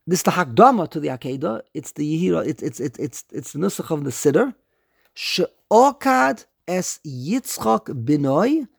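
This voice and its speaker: A man leads a religious study class with emphatic, animated questions, drawing out quoted verses in a slow chant. His voice sits a little high with a gravelly edge. The recording is close and dry. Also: dry recording. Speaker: rabbi teaching a class.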